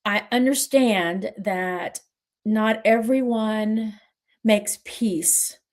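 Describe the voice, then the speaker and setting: A middle-aged woman moderator telling a personal story on a livestream, earnest and reflective, with pauses and restarts. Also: mid-range voice, steady tone.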